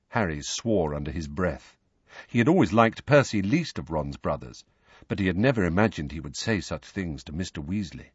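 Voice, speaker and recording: Husky, lowish male audiobook narrator; lively inflection, dry studio recording. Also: dry recording, lo-fi sound. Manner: measured storytelling, lively inflection. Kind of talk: scripted narration.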